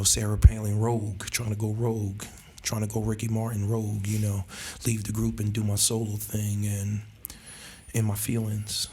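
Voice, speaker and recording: A man's voice: lowish voice, a little mellow, husky. A man, a pastor and church planter, telling a story in a podcast conversation, laughing often and acting out the voices of people he quotes.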